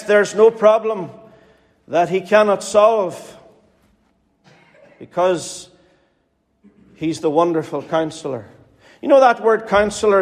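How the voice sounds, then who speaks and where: A man with a Northern Irish accent preaching a sermon in an earnest, pleading way, repeating phrases for emphasis. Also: high voice. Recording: hall reverb.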